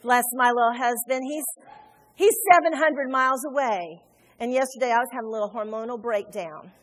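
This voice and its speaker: A woman preaching a sermon in a church, animated and conversational, joking with her congregation. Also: fairly high pitch, brisk. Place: church sanctuary. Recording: long hall reverb.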